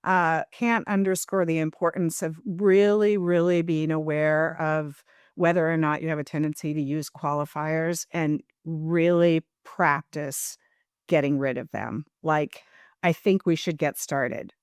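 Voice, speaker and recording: A woman's voice: low-pitched, steady tone, a little slow, smooth, no room sound, studio quality. A woman hosting a podcast on speaking skills. She affirms what her guests say and steers the talk, with some fillers as she goes. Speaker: podcast host. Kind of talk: conversational coaching talk.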